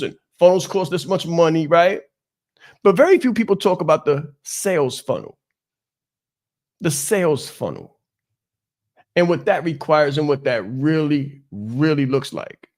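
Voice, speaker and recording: Man, business coach, podcast host, emphatic, repetitive, slightly high pitch. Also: darkish tone. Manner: emphatic, repeats key phrases. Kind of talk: motivational business talk.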